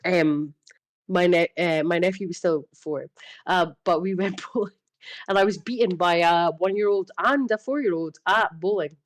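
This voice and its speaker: A woman's voice: lowish voice, moderate pace. Swearing, laughing woman podcaster. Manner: animated storyteller, swears freely, laughs often. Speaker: podcast co-host. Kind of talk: casual chat.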